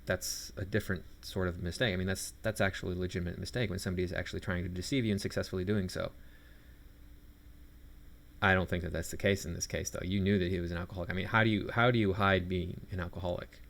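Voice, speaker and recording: A man's voice: deep voice, fairly even intonation, fast talker, gravelly, a bit bright. A man commenting on a video clip, talking in a sarcastic, scornful way. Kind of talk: reaction commentary.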